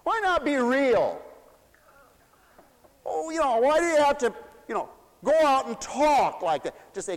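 A man preaching a fiery, folksy sermon. He swoops between loud declarations and mocking asides. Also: very high voice, sing-song, a little slow, long pauses. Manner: folksy, shouting and swooping, mocks voices. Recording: long hall reverb.

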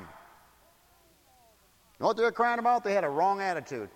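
A man preaching a sermon in an animated, mocking way, slipping into shrill wailing impressions. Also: unhurried, pauses often, big-room sound.

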